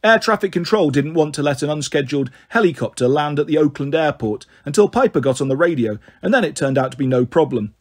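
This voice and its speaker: A man reading a novel aloud in a steady storytelling voice, giving the characters their own voices. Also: a little high, fast, hardly any pauses. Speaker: audiobook reader.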